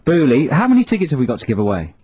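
A man's voice: on the high side, wildly swooping pitch, rapid-fire, a loud crowd, poor audio. A man co-hosting a radio show, chatting drily and reading out listener texts. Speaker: radio co-host. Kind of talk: casual radio chat.

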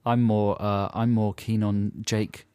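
A man's voice: fairly low pitch, little pitch movement, takes it slowly, dark tone, clear, resonant tone, dry recording. Wry man, dry studio sound. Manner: wry, teasing. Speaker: radio host. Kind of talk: casual banter. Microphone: studio mic.

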